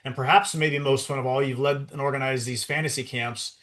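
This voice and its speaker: A man hosting a podcast, firing off quick, admiring questions and keeping the conversation moving. His pace runs fast as he sets up each new topic for his guest. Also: mid-range voice, steady tone, a bit bright. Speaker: podcast host. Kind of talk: interview questions.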